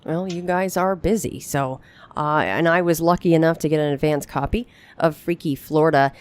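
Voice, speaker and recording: A woman interviewing guests in a casual chat, her voice husky as she gets over a cold. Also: low-pitched, steady tone, normal speed, a little mellow, no room sound. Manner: chatty, sympathetic. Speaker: radio interviewer.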